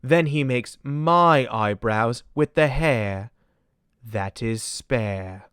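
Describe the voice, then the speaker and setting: A comedian doing a put-on English accent as an earnest, clueless young royal man, reading absurd confessions from his memoir in a solemn, deadpan audiobook style. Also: medium pitch, extremely slow, clear, resonant tone, dry recording, clean studio sound. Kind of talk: parody audiobook narration.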